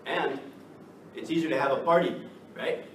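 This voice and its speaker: A man from the United States teaching an English class, lively and checking in with the students by asking "right?" again and again. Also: medium pitch, moderate pace. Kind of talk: classroom lecture. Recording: echoey classroom from far off, noisy.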